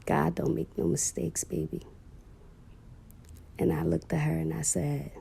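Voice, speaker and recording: Slow, gravelly-voiced woman telling a heartfelt story. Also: lowish voice, lively intonation, mellow. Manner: heartfelt, emotional, talks directly to viewers with "y'all". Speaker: mother telling a personal story. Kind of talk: personal storytelling to camera.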